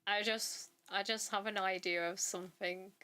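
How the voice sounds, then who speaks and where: A woman's voice: mid-range voice, fairly even intonation, normal speed, sharp tone. Rambling young woman chatting while drawing. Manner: rambling, self-interrupting, trails off. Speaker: artist streamer. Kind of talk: casual chat while drawing. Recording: faint background music.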